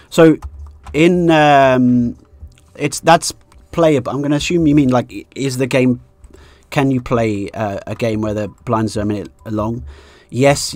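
A man talking through poker hands on a live stream, his voice at an ordinary middle pitch. He is chatty and joking, thinks aloud and answers viewers' messages. The recording is close and dry, with no room sound. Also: dry recording. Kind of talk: live-stream poker commentary, reading chat.

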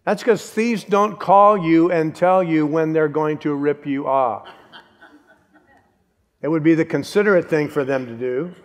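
Older pastor preaching in a reverberant church. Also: male voice, a little high, unhurried. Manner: conversational, humorous preaching. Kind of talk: sermon. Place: church sanctuary.

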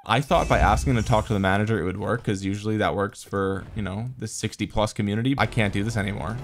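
A man's voice: fairly low pitch, fairly even intonation, quick pace, over music. A young man giving gameplay commentary, with exasperated, joking rants at the game. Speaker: gaming content creator.

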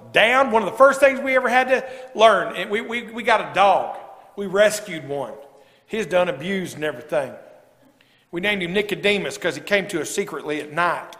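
Folksy preacher man, high voice. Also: fairly bright tone. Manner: folksy, rising to emphatic preaching. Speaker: pastor. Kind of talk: sermon. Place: church sanctuary. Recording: long church reverb.

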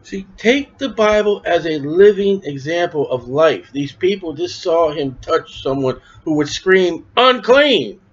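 A man with a high voice preaches a sermon in a conversational, questioning way. He asks questions and answers them himself, and he raises his voice to act out the people in the story. The recording is dull and lo-fi. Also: measured pace, few pauses, breathy edge. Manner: acts out quoted voices with raised pitch.

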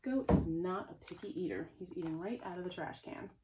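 A woman librarian reading a picture book to preschoolers, gentle and expressive, with chatty asides to the children. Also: fairly low pitch, brisk, noisy background. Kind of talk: preschool story time reading.

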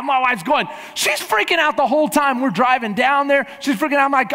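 A man preaching as a pastor, telling a funny travel story in a lively way and acting out the people in it. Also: very high voice, fairly quick. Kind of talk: sermon with a humorous travel story. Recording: long hall reverb in a church.

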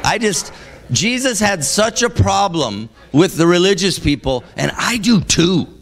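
A man preaching a sermon in a church service. He reads scripture aloud and breaks into emphatic, exasperated commentary that jumps from low reading to loud, high exclamations. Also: big pitch swings, unhurried. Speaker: guest preacher.

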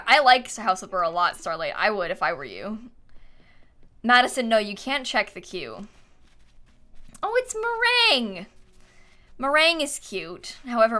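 A woman's voice: on the high side, bright, forceful tone. A young woman streaming live, chatting casually, giggling often and reading her chat aloud with plenty of fillers.

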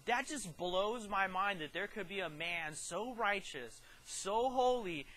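A man preaching a sermon, retelling a scripture story with lively storytelling and acted-out quotes that swing from quiet to loud. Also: sits high, slight background noise, low-quality recording. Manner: animated storytelling, acting out quotes with big swings in loudness.

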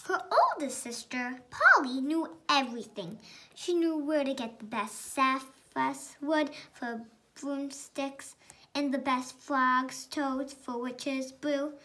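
A woman reading a storybook aloud as a co-host, chatty between pages. Her voice is high and bright, and she reads slowly. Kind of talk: reading a picture book aloud.

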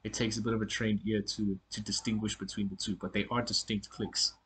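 A man giving a casual spoken lesson on pronunciation, often halting and repeating words as he corrects himself. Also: lowish voice, level tone, fairly bright tone, breathy edge. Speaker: language teacher.

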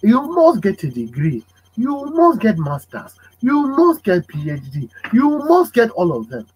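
A man hosting a casual podcast chat, animated and fond of acting out parents' voices. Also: high voice, moderate pace, soft background music, poor audio. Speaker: podcast host.

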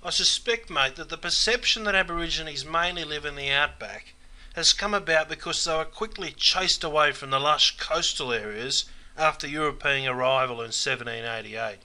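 An Australian man with a very bright, forward voice hosts a comedy explainer. He talks in broad slang and drops "mate" into nearly every sentence. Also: on the high side, normal speed. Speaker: host. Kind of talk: comic explainer sketch.

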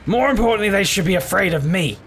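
A man giving let's play commentary as he plays a game. He rambles, talks to himself and yells at the characters on screen. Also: sits high, lively intonation, quick pace, background noise. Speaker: gaming channel host.

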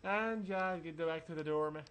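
A man's voice: fairly high pitch, measured pace, fairly bright tone, slight background noise. A man giving casual, rambling commentary over a role-playing game walkthrough, mumbling through asides. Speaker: let's play narrator.

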